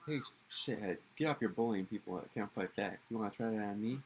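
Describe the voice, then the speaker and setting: A man's voice: fairly low pitch, a little fast, slight background noise, close to an everyday voice, low-quality recording. A man doing a furious swearing young delinquent. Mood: angry. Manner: aggressive, profane. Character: hot-tempered young male delinquent, swearing and threatening.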